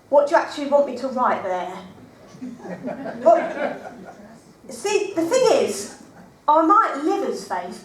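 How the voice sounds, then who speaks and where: A woman's voice: high voice, roomy sound, distant mic, slight background noise. A woman playing a scatterbrained self-mocking woman. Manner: chatty, rambling, self-deprecating. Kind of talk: comic stage monologue.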